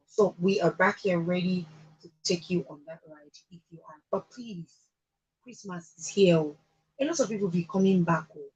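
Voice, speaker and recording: A woman's voice: fairly low pitch, low-quality recording. A Nigerian woman in her thirties hosting a radio talk show, giving earnest, chatty advice with fillers and laughs.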